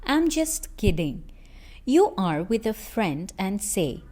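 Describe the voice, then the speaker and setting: Slow, lively woman narrating a lesson. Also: medium pitch. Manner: slow, clear, expressive delivery of example phrases. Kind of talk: scripted narration with acted example lines.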